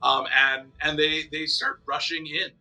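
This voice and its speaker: A man running a tabletop game as dungeon master, narrating lively and acting out monster screams. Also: on the high side, a little slow, over loud music.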